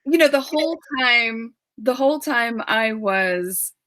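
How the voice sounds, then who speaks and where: A woman author in a video call interview, speaking with emotion in a halting way and often repeating words, near tears. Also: on the high side, lively intonation, bright, forceful tone, no room sound. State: tearful.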